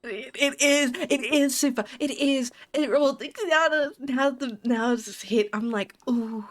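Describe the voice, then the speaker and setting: Giggly woman streamer, high voice. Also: a little slow. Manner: giggly, rambling, restarts sentences. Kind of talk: casual live-stream chat while gaming.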